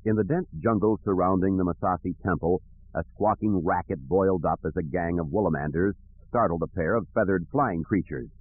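Deep husky male audiobook narrator. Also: fairly quick, no room sound. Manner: even, steady storytelling. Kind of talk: scripted narration. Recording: tinny phone-like audio.

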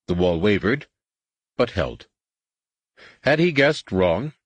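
Deep voiced guy reading a novel aloud, husky tone, measured and dramatic. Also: no echo. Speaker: audiobook narrator. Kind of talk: scripted narration.

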